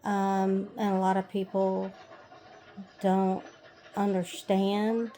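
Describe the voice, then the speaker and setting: A woman, talking slowly and hesitantly in a personal vlog, pausing often with "um". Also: mid-range voice, monotone, warm tone. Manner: slow, hesitant, many "um"s and pauses. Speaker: hobby farm vlogger.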